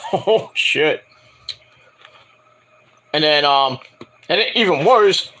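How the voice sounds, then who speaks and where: A man giving a casual, profane recap of a wrestling show, rambling, excitable and mocking. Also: high-pitched. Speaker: wrestling reviewer.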